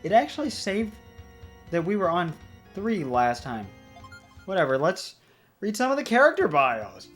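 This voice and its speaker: A chatty let's play host talking through a puzzle game. The voice rambles casually with a lively, animated pitch. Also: a little slow, pauses often, soft background music. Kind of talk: casual gameplay commentary.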